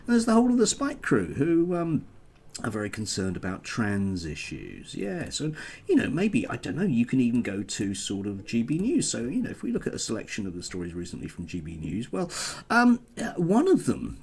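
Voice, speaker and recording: A man giving a casual political vlog monologue, sarcastic and halting, full of ums and uhs. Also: medium pitch, wildly swooping pitch, a little mellow, husky. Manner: sarcastic, halting with many fillers. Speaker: political commentator.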